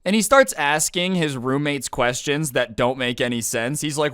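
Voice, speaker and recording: A man telling a storytime to camera, sarcastic and incredulous, with animated retelling. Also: mid-range voice, moderate pace, few pauses, smooth. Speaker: storytime YouTuber. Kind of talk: storytime commentary.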